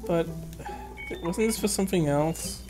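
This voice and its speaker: A woman's voice: fairly low pitch, unhurried. Exasperated woman swearing through a game. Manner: exasperated, swearing, muttering to herself. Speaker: let's play host. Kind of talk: video game commentary. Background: faint game music.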